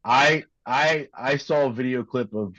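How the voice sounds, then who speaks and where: A man's voice: medium pitch, pushed and bright, no room sound. Earnest man, dull dry audio. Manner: earnest, halting, repeats words. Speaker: podcast guest. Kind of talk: candid conversation.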